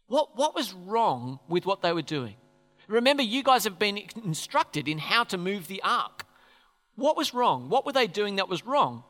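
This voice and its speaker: A man's voice: high voice, very animated, moderate pace, fairly bright tone. A man preaching a sermon in a church hall, talking conversationally and posing questions to the congregation. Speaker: pastor. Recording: echoey hall reverb.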